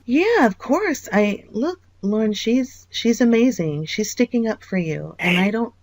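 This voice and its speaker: A person speaking earnestly on a private late-night phone call. The voice is of middling pitch, and the tone stays apologetic and reassuring throughout. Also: animated, a little slow, slight background noise. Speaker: caller.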